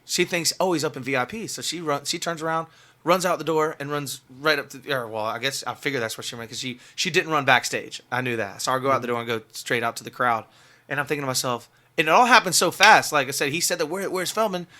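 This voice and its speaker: Fast, bright-voiced excitable young man. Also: fairly high pitch. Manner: excitable, rambling, full of filler words. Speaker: guest musician. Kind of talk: casual storytelling in a podcast interview.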